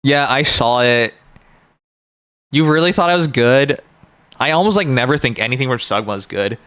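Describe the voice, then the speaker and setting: A man's voice: mid-range voice, lively intonation, normal speed, fairly bright tone, clean tone, no room sound. A man streaming live, chatting casually and joking with his viewers in a rambling way. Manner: rambling, joking, talks to chat.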